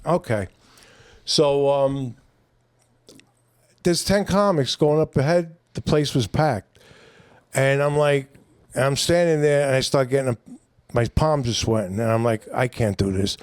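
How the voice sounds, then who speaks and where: A man's voice: mid-range voice, unhurried, long pauses, clear, resonant tone, no echo, studio quality. An older man, a comedian telling long stories on a podcast in a loose, rambling, profane way. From New York. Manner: rambling, profane, acts out quoted voices. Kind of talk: casual storytelling chat.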